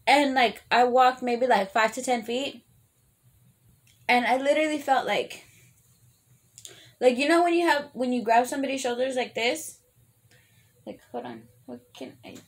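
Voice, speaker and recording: A woman telling a long story in a casual eating vlog, animated, swearing freely and full of fillers. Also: a little high, a little hiss or hum.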